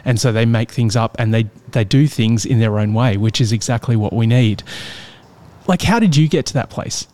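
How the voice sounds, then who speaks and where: Australian man, interview host, mid pitch, thoughtful and rambling with lots of fillers. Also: normal speed, darkish tone. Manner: rambling, reflective questions full of fillers. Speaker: podcast host. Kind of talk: interview conversation.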